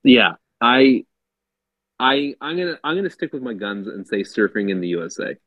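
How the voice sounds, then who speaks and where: A man's voice: mid-range voice, very animated, normal speed, no room sound, phone-quality sound. A man co-hosting a music podcast in casual chat, enthusiastic and leaning on "like" and "I feel like". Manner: enthusiastic, heavy use of "like" and "I feel like". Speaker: podcast co-host.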